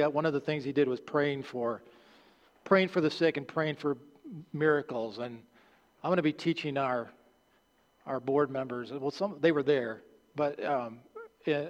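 A male pastor delivers a sermon in a church sanctuary, earnest and halting, restarting phrases and letting his voice drop low at the ends of lines. The recording carries long hall reverb.

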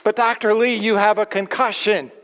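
A man's voice: high voice, fairly even intonation, normal speed, a bit bright, long reverb tail, pitched above the performer's own voice. A pastor voicing a firm male hospital doctor pleading with a stubborn patient.

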